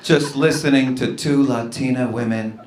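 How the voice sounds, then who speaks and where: On a comedy club stage, a man does a stand-up set, telling stories and animatedly voicing the characters in them. He has a medium-pitched voice and speaks at a normal speed. The room is roomy, and loud laughter and audience noise fill the recording.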